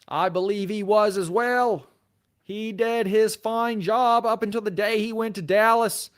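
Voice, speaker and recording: A man's voice: high voice, fairly even intonation, unhurried, voice pushed up. A man doing an impression of a 1960s president with a put-on Boston accent, in a pompous speechmaking cadence. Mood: oratorical. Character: grand old-time male president orating.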